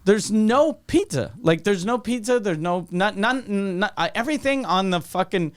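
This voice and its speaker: A young man on a podcast tells a long story, stopping and restarting his sentences, with dry asides and swearing. His voice sits slightly high for a man. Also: lively intonation, normal speed. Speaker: podcast co-host. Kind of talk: casual comedic storytelling.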